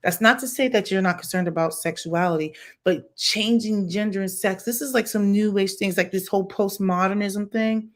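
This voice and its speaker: A woman livestreaming her take on a TV episode, speaking bluntly and emphatically straight to her viewers. Her voice sits at an ordinary middle pitch. She talks in a home streaming setup. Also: fairly even intonation, normal speed, few pauses. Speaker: commentary livestreamer. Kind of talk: opinionated reaction commentary.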